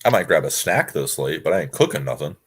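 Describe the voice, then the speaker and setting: A man's voice: very deep voice, lively intonation, fast talker, slightly rough. A man from Washington state chatting casually, laid-back and swearing freely. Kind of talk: casual chat.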